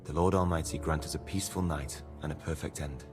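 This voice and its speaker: An actor playing a gruff, grieving middle-aged mine foreman in a video game, speaking. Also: a bass voice, fairly even intonation, fast talker, long reverb tail, over music. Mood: praying. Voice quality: broad dialect, earthy and blunt.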